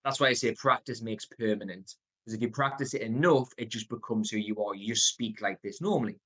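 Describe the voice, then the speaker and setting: A man's voice: on the low side, fairly bright tone. Geordie man, emphatic sales coach. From North East England. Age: 30s. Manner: varies tone and pace, deliberate pauses, emphatic. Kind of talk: motivational coaching talk.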